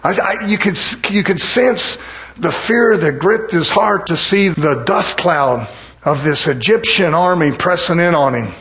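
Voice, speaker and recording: This sermon comes from a man whose voice is a bit bright, preaching fervently with frequent amens and hallelujahs. He slows and lowers his voice on lines of scripture.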